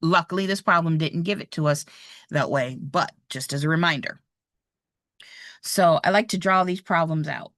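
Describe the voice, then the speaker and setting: A woman's low, slightly bright voice moves at a moderate pace over a dry, studio-quality recording. She teaches real estate exam math in a live online class, patiently encouraging students and thinking aloud while she draws out each problem.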